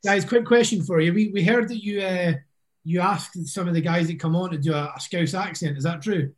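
A man's voice: high voice, a little fast. A man, an assistant football coach, guesting on a podcast with a laid-back, dry sense of humour. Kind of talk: casual interview chat.

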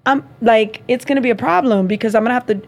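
Podcast host, woman, slightly high pitch, animated profane storyteller who acts out the dialogue. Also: fast, creaky. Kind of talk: casual storytelling chat.

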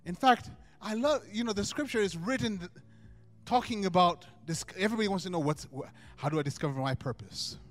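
A man preaching a sermon, emphatic, swinging from soft asides to loud, drawn-out proclamations. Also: high-pitched. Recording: long hall reverb with faint music.

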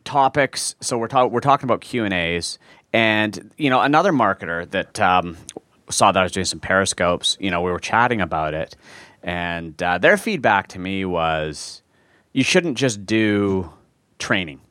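A man's voice: low voice, animated, moderate pace, bright, forceful tone, dry recording, studio quality. A man hosting a podcast who speaks hesitantly, with many fillers and restarts, as he asks his guest questions. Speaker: podcast host. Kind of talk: casual interview chat.

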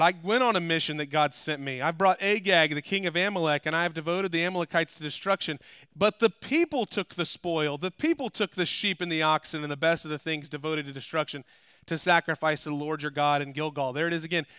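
A man preaching a sermon in a bright, slightly high voice that sounds smooth and crisp. He climbs to loud, emphatic passages and falls back to quiet asides. The sound is dry and close. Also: dry recording. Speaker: pastor. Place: church.

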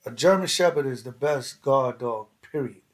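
A man's voice: medium pitch, lively intonation, moderate pace. A man telling stories in casual, slangy, profane chat as a podcast host, acting out other people's lines.

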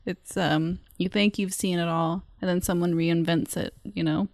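A woman's voice: fairly low pitch, steady tone, normal speed, creaky, darkish tone, no echo. A woman co-hosting a comedy podcast, riffing playfully in improvised banter into a close mic.

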